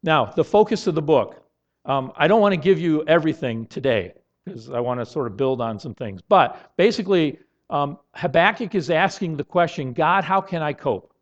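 A man preaching a sermon in an earnest tone, now and then rising to loud, emphatic outbursts. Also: a little high, moderate pace. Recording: dull lo-fi sound.

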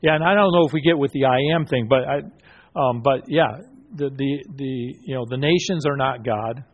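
A man's voice: medium pitch, highs cut off. A man teaching a Bible study group, asking questions and affirming answers, with many fillers and restarts. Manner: halting, with frequent fillers and restarts.

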